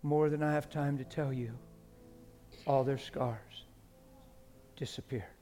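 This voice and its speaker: A man preaching a sermon, dropping to hushed whispers and rising to loud, emotional exclamations. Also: mid-range voice, fairly even intonation, takes it slowly. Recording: long hall reverb with faint music.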